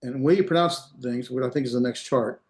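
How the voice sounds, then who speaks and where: A man's voice: mid-range voice, quick pace. A man giving a classroom lecture as a Hebrew instructor. He explains step by step, repeats examples and checks that students follow. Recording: roomy echo.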